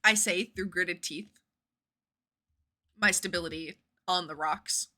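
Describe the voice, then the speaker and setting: A woman's voice: fairly low pitch, slow pace, sharp tone. A woman in her twenties, a livestreamer chatting casually and rambling while she plays a game, with the odd casual swear.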